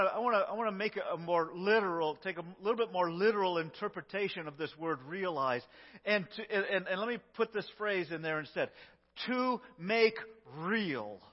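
A man preaching a sermon as pastor, his delivery emphatic and swinging between loud lines and hushed ones. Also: sits high, animated, normal speed. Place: church sanctuary. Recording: lo-fi echoey church recording.

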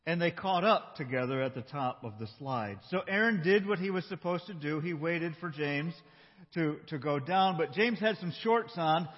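A man pastor preaching a sermon in a conversational tone, slowing down for emphasis. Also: a little high, animated, big-room sound, muffled recording. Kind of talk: sermon with a storytelling opening.

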